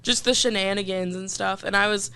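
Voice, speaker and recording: A woman comedian hosting a podcast in loose, self-deprecating casual chat, quick to laugh. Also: medium pitch, steady tone, pushed and bright, clear, resonant tone.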